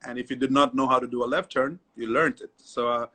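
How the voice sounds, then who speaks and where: Man, middle-aged, dance teacher, casual interview, animated, repeats words, mid pitch. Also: quick pace. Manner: animated storyteller, repeats himself, many "you know"s.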